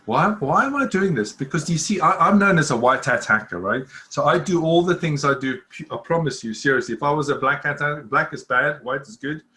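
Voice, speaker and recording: A man's voice: on the high side, lively intonation, a little fast, few pauses, bright, forceful tone, a little hiss or hum. A man in his fifties giving a cybersecurity talk to an online audience, earnest and repetitive, often restarting his sentences. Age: 50s. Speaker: cybersecurity speaker. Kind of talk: live presentation to an online audience.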